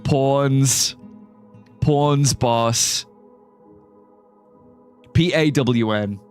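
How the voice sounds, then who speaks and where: Speaking extremely slowly in a clean, medium-pitched tone, a man rambles and jokes with his live-stream audience while gaming, laughing frequently over faint background music.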